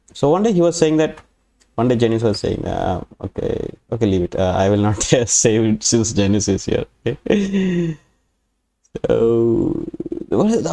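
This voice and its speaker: A man's voice: on the low side, mellow. A man from India with an Indian accent, hosting a live trading webinar in a rambling way, often correcting himself and saying "uh". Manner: rambling, self-correcting, frequent fillers. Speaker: webinar host, forex analyst.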